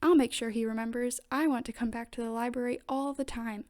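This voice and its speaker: A woman reading a storybook aloud, voicing a cheerful, excitable little girl piglet in an exclaiming storybook voice. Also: on the high side, fairly quick, lightly acted. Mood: eager.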